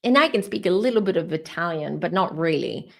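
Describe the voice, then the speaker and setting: A woman's voice: fairly low pitch, animated, fairly quick, gravelly. A woman whose first language is French, hosting a tarot channel and chatting casually and ramblingly with her livestream viewers.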